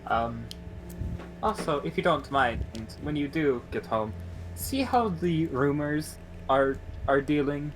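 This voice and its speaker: A man playing his character in a tabletop role-play, speaking haltingly and laughing off his own remarks. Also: a little high, lively intonation, over music. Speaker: player. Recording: noisy background hiss.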